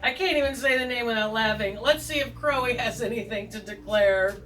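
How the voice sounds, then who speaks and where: A woman hosts a tarot video, rambling casually with jokes, self-deprecating remarks and plenty of asides. Her voice is a little high, brisk and fairly bright, though she is far from the mic and the recording is rough, with faint music in the background.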